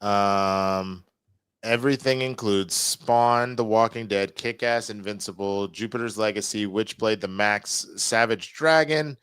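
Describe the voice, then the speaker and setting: A man hosts a live stream in a relaxed, chatty way, his sentences trailing off and starting over. His voice is smooth and resonant. The sound is dry and close. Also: fairly low pitch, unhurried, no echo. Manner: loose, chatty, trails off and restarts. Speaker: show host. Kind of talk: casual live-stream chat.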